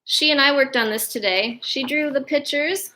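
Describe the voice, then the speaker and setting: A woman's voice: sits high, normal speed, bright, forceful tone, poor audio. A woman hosting a family show for children, cheerful and chatty as she shows their drawings. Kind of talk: presenting a kids' show.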